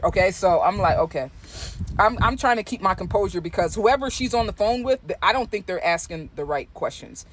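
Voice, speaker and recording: A vlogger telling a gossipy story casually, swearing freely with animated asides. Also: medium pitch.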